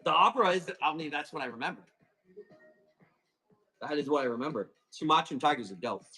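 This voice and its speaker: A man hosting a live plant auction stream, chatting casually and calling quick countdowns, with a casual swear here and there. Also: fairly high pitch, lively intonation, pushed and bright, husky, soft background music, poor audio. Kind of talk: livestream sales chat.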